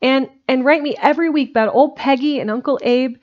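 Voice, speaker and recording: A woman's voice: high voice, a little fast, highs cut off, pitched above the performer's own voice, natural voice. A woman voicing an earnest young orphan boy who stammers and pleads in rustic speech in a storybook reading. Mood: pleading.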